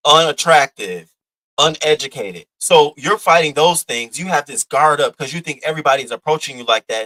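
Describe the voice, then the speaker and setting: A man's voice: on the high side, pushed and bright, poor audio. A man giving blunt, profane, mocking reaction commentary, lecturing his viewer in AAVE. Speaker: commentary host.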